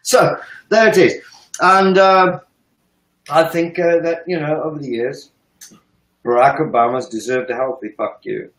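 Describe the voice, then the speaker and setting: A man with a fairly high voice launches into an emphatic political rant, swearing freely and swinging his pitch up and down. His voice bounces around a roomy, echoey space. He sounds like an analyst holding forth on a live stream. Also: a little slow, pauses often, a bit bright.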